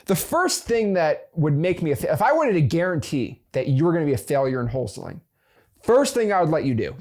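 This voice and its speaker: Man, casual motivational host, very lively pitch, devil's-advocate delivery, fillers and restarts. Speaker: host of a real estate investing channel.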